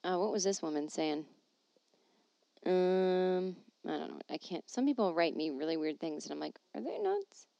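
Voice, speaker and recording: A woman's voice: lowish voice, moderate pace, gravelly, dry recording, highs cut off. Sarcastic woman hosting a comedy podcast. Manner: animated, sarcastic asides while reading aloud. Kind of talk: casual comedic monologue. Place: at home.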